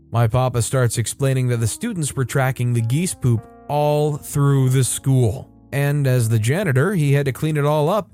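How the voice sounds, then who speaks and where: A man narrating online stories in a casual, lively reading style. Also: mid-range voice, moderate pace, few pauses, faint music behind. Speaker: story narrator.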